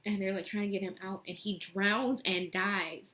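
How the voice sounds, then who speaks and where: A woman's voice: mid-range voice, fairly even intonation, normal speed, fairly bright tone, low-quality recording. A young woman vlogger chatting casually as she retells a movie plot and does her makeup, rambling with lots of fillers. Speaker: beauty vlogger.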